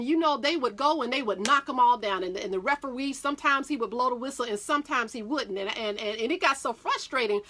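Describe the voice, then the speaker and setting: A middle-aged woman, telling a story about her son to her viewers in a folksy, animated way. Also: high voice. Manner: folksy Southern-style talk, addresses viewers as y'all.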